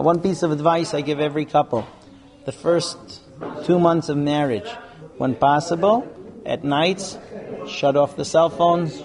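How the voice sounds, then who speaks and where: A man teaching a live class on marriage, talking frankly and acting out couples' lines in put-on voices. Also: a little high. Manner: animated, acts out quoted couples. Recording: live room with audience noise.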